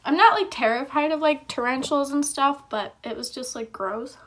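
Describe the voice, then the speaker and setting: A woman's voice: high-pitched, moderate pace, a bit bright. Chatty young woman telling a story. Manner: chatty, filler-heavy storytelling. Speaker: vlogger. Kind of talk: casual storytime.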